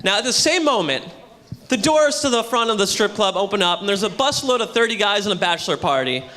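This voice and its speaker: A man doing a loud, punchy stand-up comedy set on a hotel ballroom stage, with a live audience audible. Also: high voice, animated, a little fast. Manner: loud, punchy delivery to a crowd.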